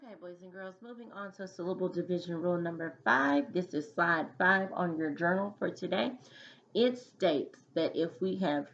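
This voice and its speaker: A woman's voice: lowish voice, normal speed, a bit bright, muffled recording, slight background noise. A woman teaching a phonics lesson to children, patiently sounding out letters and syllables one by one.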